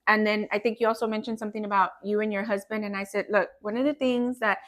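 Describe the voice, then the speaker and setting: A woman's voice: mid-range voice, flat delivery, quick pace. A woman talking earnestly in a casual conversation, often breaking into laughter. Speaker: guest. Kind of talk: casual chat.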